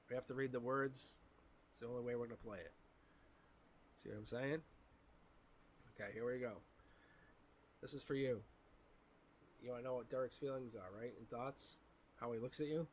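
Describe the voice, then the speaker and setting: Raspy man, tarot reader on a live stream; animated, chatty, laughs often. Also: mid-range voice, a little hiss or hum.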